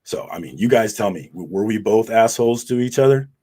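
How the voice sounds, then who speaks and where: Deep husky man on a livestream. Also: lively intonation, brisk, warm tone. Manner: blunt and profane, recounting an argument to viewers. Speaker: host of a comic community livestream. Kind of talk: casual livestream chat.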